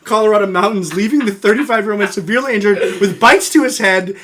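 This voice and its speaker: Casting: male podcast co-host, slightly high voice, loose joking delivery, reads headlines with crude asides. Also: fast, fairly bright tone. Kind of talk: casual comedic chat.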